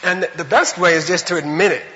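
A man giving an animated, conversational Buddhist teaching to a class, often checking in with his listeners. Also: high voice, a little fast, in a large hall, lo-fi sound, slight background noise. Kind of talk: dharma lecture to a class.

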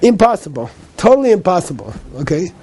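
Male Buddhist teacher, mellow tone, slightly high pitch, patient and repetitive, keeps checking "okay?". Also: very animated, fairly quick, slightly rough. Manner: repetitive, checks in with "okay?" after each point; patient explaining with a light laugh. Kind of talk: live lecture to a class.

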